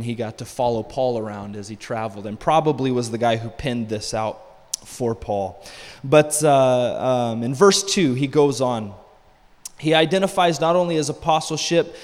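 A middle-aged man preaches from the pulpit in a conversational, off-the-cuff style. He leans on rhetorical questions and asides. The church hall gives his voice a long, ringing reverb. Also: medium pitch. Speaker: pastor. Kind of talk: sermon. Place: church sanctuary.

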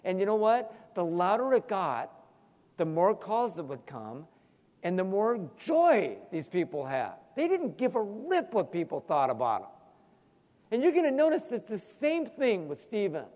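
A male pastor preaching a sermon, animated, with sudden emphatic rises and asides. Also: high-pitched, unhurried, long reverb tail.

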